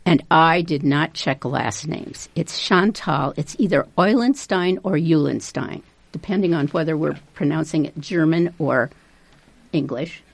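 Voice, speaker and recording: A woman hosting a local radio show, introducing guests in a halting, self-deprecating way. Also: low voice, vocal fry, breathy edge, dry recording. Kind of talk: unscripted studio talk introducing guests.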